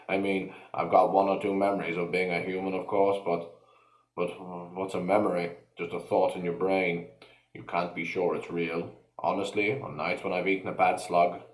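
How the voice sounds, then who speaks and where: A man's voice: low voice, slight background noise, pitched below the performer's own voice, natural voice. A man voicing a gloomy, worried male toad who was once a man, muttering fretfully in an echoey room.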